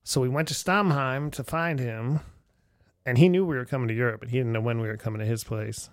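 Brisk and mid-range, this middle-aged man's voice comes through a dry, clean studio recording. Sitting indoors with a friend, he tells old travel stories casually, as a podcast guest or host might, acting out quoted voices animatedly and using "like" a lot.

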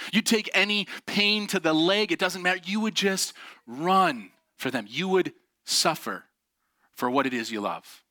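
A man giving a motivational talk, telling personal stories in an animated, earnest way and laughing often. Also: fairly high pitch, no echo, studio quality. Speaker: speaker.

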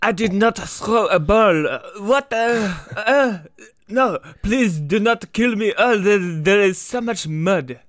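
A man's voice: sits high, expressive, slow pace, few pauses, fairly bright tone, no room sound, studio quality, pitched above the performer's own voice, exaggerated voice. A man putting on an exaggerated French accent to voice a fretful, pleading Frenchman. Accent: put-on French.

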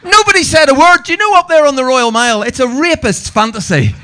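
A man's voice: very high-pitched, lively intonation, fast talker, sharp tone, slight background noise. A man with a Northern Irish accent doing a brash, sweary live stand-up set and teasing the audience. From Northern Ireland. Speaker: stand-up comedian. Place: comedy venue stage.

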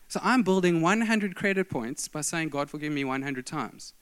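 A man's voice: sits high, animated, normal speed, smooth. Man preaching an emphatic sermon. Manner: storytelling preacher, emphatic, varied delivery.

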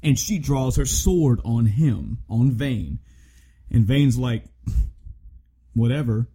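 A man co-hosting a podcast, retelling a game story in a casual, animated way with plenty of swearing and restarts. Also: medium pitch, slow pace, slightly rough, low-quality recording. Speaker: podcast co-host.

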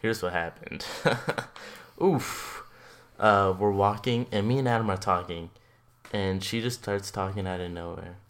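A young man with a lowish voice rambles through a crude story among friends. His delivery is laid-back and loose. It is casual, unscripted podcast talk. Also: measured pace, a bit bright. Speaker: podcast co-host.

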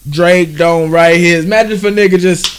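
High-voiced joking man in casual chat. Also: moderate pace, slight background noise. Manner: animated, joking, often puts on quoted voices. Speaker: podcast co-host.

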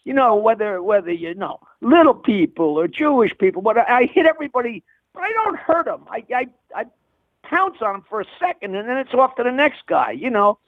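A comedian guest telling blunt stories over the phone, rambling with frequent restarts. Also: male voice, very high-pitched, very animated, a little fast, no room sound. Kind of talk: phone interview, storytelling. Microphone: telephone. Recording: dry phone line.

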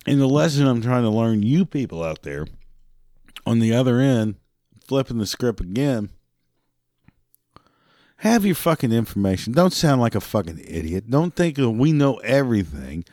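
A man's voice: mid-range voice, big pitch swings, normal speed, long pauses, mellow, dry recording, clean studio sound. A man who works a parts counter, ranting profanely about customer service calls and mimicking the callers. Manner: drinks beer while talking. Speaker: parts department worker. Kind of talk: ranting monologue.

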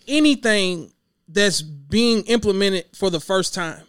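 A man hosting a podcast, chatting in a relaxed, conversational way with slangy asides. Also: high voice, takes it slowly, clear, resonant tone, no room sound. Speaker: podcast host. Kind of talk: casual podcast chat. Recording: dry close mic.

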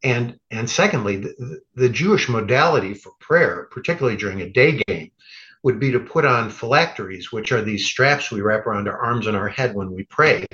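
A man, a rabbi, chatting as a podcast guest at a middling pitch. He tells stories wryly and slips into quoted voices with a chuckle. The recording sounds dull and lo-fi. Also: expressive, moderate pace, a bit bright. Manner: wry, acts out quoted lines with chuckles. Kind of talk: conversational storytelling.

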